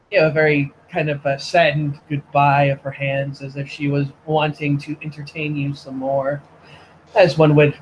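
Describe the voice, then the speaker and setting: A man's voice: a little high, slight background noise, low-quality recording. A man narrating as game master of a tabletop game, hesitant with many fillers.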